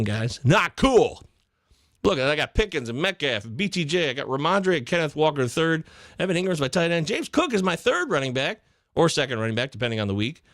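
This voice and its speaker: A man hosting a live fantasy football chat in a jokey, excitable way, jumping from loud bursts to muttered asides. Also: fairly high pitch, no room sound, clean studio sound. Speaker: podcast host.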